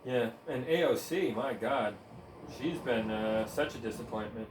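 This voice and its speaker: A man's voice: mid-range voice, unhurried, slight background noise. A man ranting in heated, profane, sarcastic commentary while gaming, with bursts of laughter. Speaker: gaming streamer. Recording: roomy echo, faint ambience.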